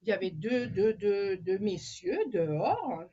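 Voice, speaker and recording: A woman's voice: medium pitch, expressive, unhurried, dark tone, breathy edge, muffled recording. A woman in casual conversation, emphatic and opinionated, switching between English and French mid-sentence. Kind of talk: casual chat.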